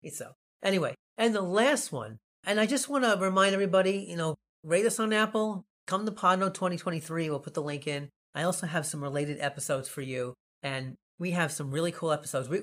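A man's voice: fairly high pitch, a bit bright. A man with a Long Island New York accent hosting a casual podcast, rambling and jokey. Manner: rambling, jokey, laughs often. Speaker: podcast host.

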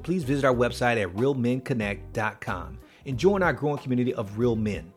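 A man's voice: medium pitch, husky. A man hosting a devotional podcast, talking in an earnest, preacherly way with light chuckles. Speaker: podcast host.

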